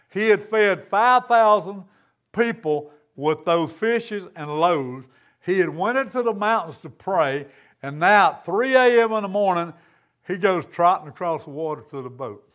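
A man's voice: high voice, fairly bright tone. A man preaching a sermon in a church, in a folksy, conversational way. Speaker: pastor.

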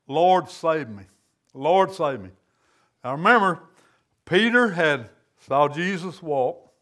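A man preaching a sermon in an earnest, folksy way, swelling and dropping his voice as he speaks. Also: sits high. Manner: earnest, rising and falling preaching cadence with folksy grammar.

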